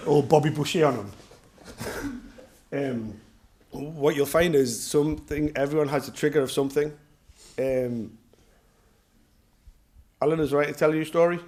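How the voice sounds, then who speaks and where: A middle-aged Geordie man from North East England teaches self-defence and shares rambling, jokey anecdotes with his class in relaxed talk. His fairly high, slightly mellow voice stays steady at a moderate pace, over slight background noise.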